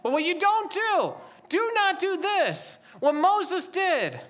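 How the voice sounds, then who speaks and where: A woman's voice: extremely high pitch, very animated, slow pace, a bit bright. A young adult woman preaching a sermon as a pastor, asking the congregation a stream of rhetorical questions.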